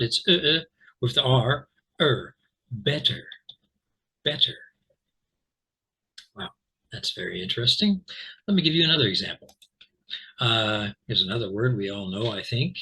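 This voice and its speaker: Husky-voiced American man teaching pronunciation. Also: mid-range voice, rough recording. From Central California, USA. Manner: relaxed and chatty, many ums and uhs, repeats words slowly to demonstrate. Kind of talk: explaining pronunciation to learners.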